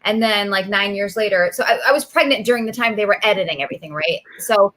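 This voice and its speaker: A woman in her thirties, a guest in a casual video chat, telling stories in an animated way with lots of fillers and laughs. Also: mid-range voice, quick pace.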